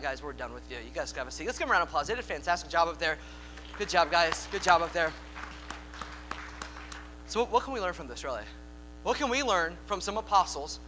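Bright high-voiced man preaching. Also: slight background noise, poor audio. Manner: preaching with wide swings in loudness, dropping low for emphasis. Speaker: pastor. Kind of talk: sermon.

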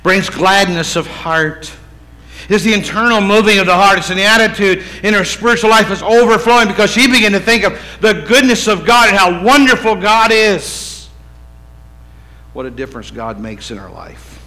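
A man preaching a sermon as pastor in his church, conversational, swinging from loud emphatic lines to hushed, low ones. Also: animated, normal speed, low-quality recording.

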